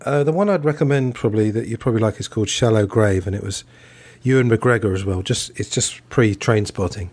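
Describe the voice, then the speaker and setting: A man's voice: fairly low pitch, brisk, darkish tone, no echo. A man hosting a podcast in a casual review chat, talking loosely and hedging often. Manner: chatty and loose, hedges often. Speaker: podcast host.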